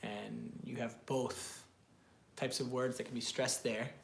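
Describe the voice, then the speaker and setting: A man's voice: medium pitch, level tone, unhurried, gravelly, a little hiss or hum. Hesitant man asking questions, echoey room. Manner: asks questions, speaks hesitantly. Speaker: co-host of the class. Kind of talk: live online class.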